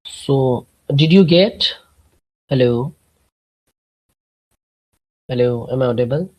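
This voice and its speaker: Slow husky guy teaching german on a video call, explains step by step, keeps clearing his throat. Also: medium pitch, a little mellow, rough recording. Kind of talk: online language lesson.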